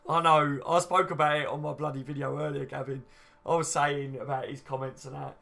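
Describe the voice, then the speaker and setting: This fan livestream host, a man in his late twenties, chats like a mate while reading viewer comments, swearing freely and often saying "you know what I mean." His slightly high voice stays level and fairly quick, with vocal fry and a pushed, bright quality.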